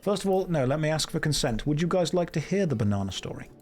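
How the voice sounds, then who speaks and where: A British man streaming a game, bantering with chat in a sarcastic, deadpan way. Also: fairly high pitch, quick pace. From Britain. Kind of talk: casual livestream commentary.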